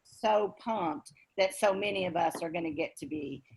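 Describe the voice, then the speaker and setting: A woman's voice: lowish voice, normal speed, a little mellow, husky. A woman with a Texan accent, leading a group video call in a folksy, chatty way.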